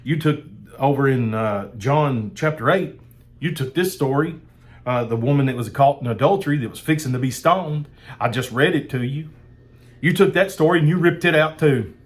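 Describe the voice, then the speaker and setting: A man's voice: mid-range voice, normal speed. A man preaching a sermon in a fired-up, emphatic way, repeating phrases for emphasis.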